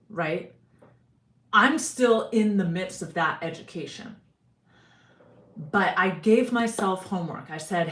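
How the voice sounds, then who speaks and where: A woman's voice: mid-range voice, takes it slowly, pauses often, bright, forceful tone. Chatty woman streaming from an echoey room. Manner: chatty and rambling, greets viewers by name. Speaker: singer and YouTuber hosting a livestream. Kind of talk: casual livestream chat.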